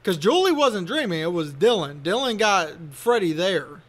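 A man's voice: sits high, very animated, moderate pace. A man co-hosting a casual movie podcast, recapping the plot step by step. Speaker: podcast co-host.

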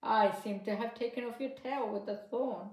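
A woman's voice: fairly high pitch, steady tone, moderate pace, darkish tone, pitched above the performer's own voice, lightly acted. A woman voicing a cautious, apologetic male barber in a children's storybook. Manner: reluctant, apologetic. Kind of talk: storybook narration. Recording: echoey room.

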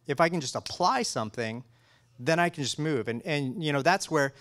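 Excitable guy rambling casually about his work, lots of restarts, kinda high voice. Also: moderate pace. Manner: enthusiastic, many restarts and fillers. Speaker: color scientist guest. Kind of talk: casual technical interview.

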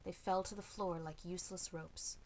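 Woman, storybook narration, steady measured reading, lowish voice, faint hiss behind. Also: rough recording. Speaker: audiobook reader.

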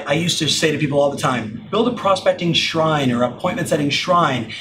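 Animated, high-voiced sales coach. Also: male voice, noisy background. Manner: animated, emphatic, acts out example phone lines. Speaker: real estate sales coach. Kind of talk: energetic motivational talk.

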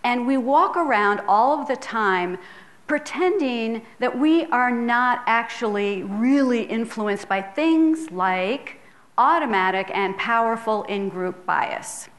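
Earnest woman lecturing with a raised pitch. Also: lively intonation, slow pace, a bit bright. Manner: earnest, conversational, with tag questions. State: tearful at times. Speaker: public health professor giving a talk. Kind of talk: public lecture. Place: lecture hall, filmed.

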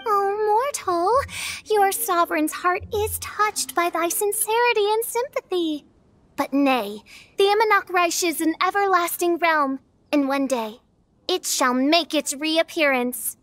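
A pompous princess of doom. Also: female voice, very high voice, unhurried, fairly bright tone, no echo. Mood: lofty. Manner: archaic, pompous speech. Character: theatrical young princess who talks grandly. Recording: game audio with music behind.

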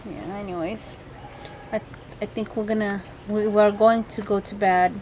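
A woman's voice: medium pitch, flat delivery, moderate pace, darkish tone, a little hiss or hum, low-quality recording. A tired woman talking casually to her viewers at home about her sick baby, rambling and chatty. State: tired, unwell. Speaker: vlogger mother. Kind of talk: casual home vlog chat. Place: home at night.

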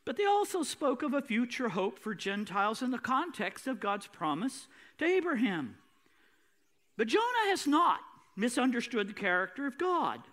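A man's voice: extremely high pitch, sing-song, normal speed, a bit bright. A male pastor preaching a sermon with an emphatic, repetitive cadence.

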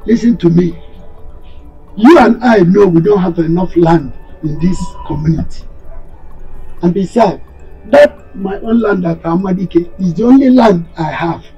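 A man with a Nigerian accent playing a firm elder brother and father who refuses a demand and calms his son. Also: high-pitched, muffled recording, faint music behind. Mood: stern. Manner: stern, deliberate, religious reassurance.

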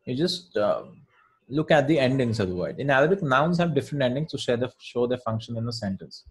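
A man with a medium-pitched, husky voice teaches an Arabic grammar lesson in English during a casual online session. He's expressive and brisk, keeping things informal, repeating words and frequently checking in with "right?"

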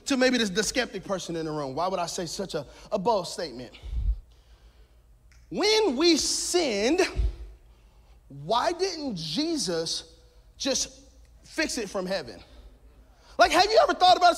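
A man pastor preaching a lively sermon, shouting his key points and mixing in jokes. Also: very high-pitched. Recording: long hall reverb.

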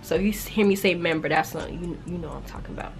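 Talking very fast over music in a lowish voice, a young YouTuber reads out her old writing and reacts to it. She's animated and slangy, with frequent laughter woven into her delivery.

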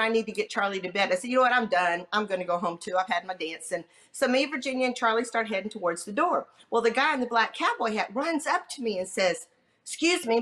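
A middle-aged woman guest on a podcast, telling a personal story in a lively way and acting out the quoted dialogue. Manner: lively, acts out quoted dialogue with pitch jumps.

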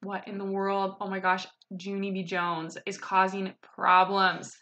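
A woman reading a children's book aloud in an expressive, animated way, with casual asides. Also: medium pitch, unhurried, highs cut off. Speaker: reader.

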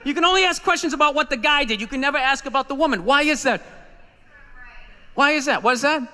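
A man's voice: very high-pitched, fast talker, bright, forceful tone. A man doing a profane, ranting stand-up set on a club stage, acting out the voices in his stories. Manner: profane, ranting, acts out quotes. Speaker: stand-up comedian. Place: comedy club stage, live audience.

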